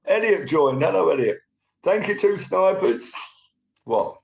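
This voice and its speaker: A man's voice: high voice, expressive, a little slow, gravelly, poor audio. A man hosting a casual live stream, chatting to viewers and thanking them by name as they join.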